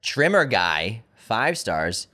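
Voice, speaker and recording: A man co-hosting a movie podcast in casual, joking banter. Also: on the low side. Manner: joking, quick and lively. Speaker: podcast co-host. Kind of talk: casual chat.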